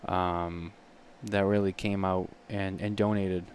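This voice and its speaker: A man co-hosting a podcast in casual chat, halting and full of restarts and fillers. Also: low-pitched, flat delivery, a little hiss or hum. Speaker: podcast co-host.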